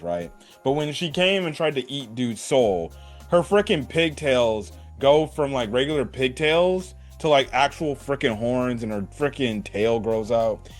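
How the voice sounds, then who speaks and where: A man chats through a casual video review with a lively, swooping voice, laughing often and dropping swear words. He keeps checking in with the listener by asking "right?" Soft music plays faintly behind him. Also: medium pitch. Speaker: anime reviewer.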